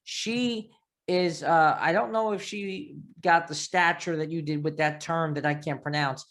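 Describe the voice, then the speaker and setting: A man with a thick Long Island New York accent hosting a casual interview, telling stories in a rambling, animated way. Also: a little high, a little slow. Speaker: podcast host.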